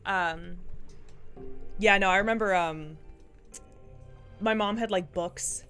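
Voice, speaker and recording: A woman's voice: medium pitch, slow, fairly bright tone, clear, resonant tone. A young woman co-hosting a stream, telling candid stories with casual swearing and laughter. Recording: faint music underneath.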